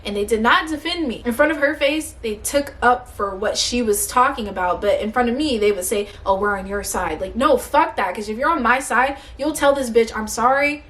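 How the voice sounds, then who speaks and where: A young woman vlogger telling a workplace story in a blunt, animated rant, swearing often and sounding tired and hungry. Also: a little high, brisk, few pauses.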